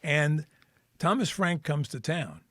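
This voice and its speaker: A man's voice: a little high, lively intonation, takes it slowly, fairly bright tone, breathy edge, dry recording, clean studio sound. A man co-hosting a casual podcast, a wry, joking storyteller who keeps the chat moving. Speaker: podcast co-host. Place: Kansas City.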